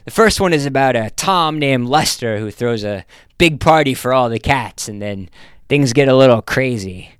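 A man reading aloud, voicing a shy young woman writer who talks softly and plaintively. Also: mid-range voice, expressive, normal speed, clear, resonant tone, dry recording, studio quality, close to an everyday voice.

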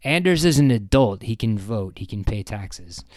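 A man voicing an eager, submissive wife in a storybook reading, breathless and a little halting. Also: lowish voice, expressive, a little mellow, no room sound, close to an everyday voice. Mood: defensive.

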